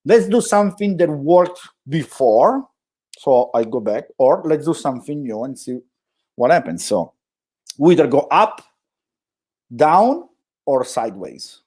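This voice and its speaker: A man with an Italian accent, a guest telling animated stories in a conversational interview, often restarting his sentences. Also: fairly high pitch, measured pace, slightly rough. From Italy. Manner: animated storytelling with frequent restarts. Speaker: guest storyteller.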